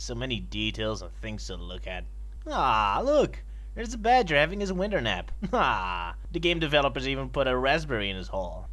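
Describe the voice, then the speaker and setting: A man giving a sarcastic comedic review of an old video game, mock-excited and yelping at it. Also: mid-range voice.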